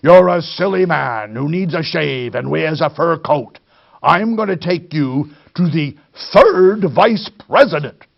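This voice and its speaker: A man's voice: fairly high pitch, animated, unhurried, vocal fry, muffled recording. Man voicing a stern angry manager. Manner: stern, scolding.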